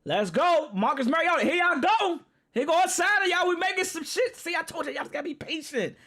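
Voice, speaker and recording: High, bright-voiced DC man ranting. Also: brisk. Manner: excitable, profane, laughing and ranting to viewers. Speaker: sports streamer reacting live. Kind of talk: live sports reaction stream.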